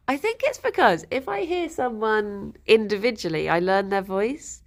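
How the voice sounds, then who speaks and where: A woman's voice: fairly high pitch, sing-song, moderate pace, vocal fry. A woman streamer chatting casually on a livestream, answering her chat and cooing to her pet rabbits.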